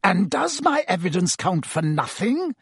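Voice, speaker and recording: A man playing a spiteful, sneering schoolmaster from a storybook, who spits his words with cold contempt; the reading swings widely in pitch and sits dry and close to the mic. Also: sing-song, unhurried, slightly rough, no room sound, full character voice. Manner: sneering, snarling, clipped.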